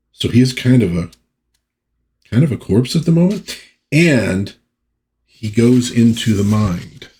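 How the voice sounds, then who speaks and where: Husky-voiced man recapping comics. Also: lowish voice, a little mellow. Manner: chatty, amused, jokes to himself. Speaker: comic book reviewer. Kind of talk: casual comic recap, reading panels aloud.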